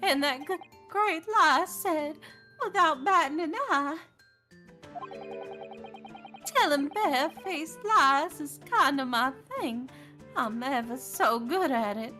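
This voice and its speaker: A woman playing a cagey older man who answers with riddles and jabs. The voice stays bright and high. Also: heavily acted. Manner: evasive, needling. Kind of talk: reading game dialogue aloud.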